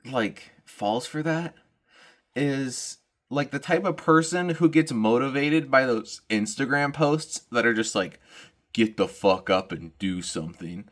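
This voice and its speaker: A young man riffs through a rambling comic monologue, laughing at his own jokes and running himself down. His voice sits at an ordinary middle pitch, and he has the hiccups. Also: a bit bright. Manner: self-deprecating, laughs at own jokes, mocking put-on voices. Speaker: comedian vlogger.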